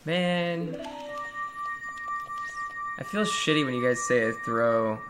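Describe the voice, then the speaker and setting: A man's voice: medium pitch, slow, loud music behind the voice. A man streaming a game live, joking crudely with his chat and swearing often. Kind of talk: live-stream gameplay commentary.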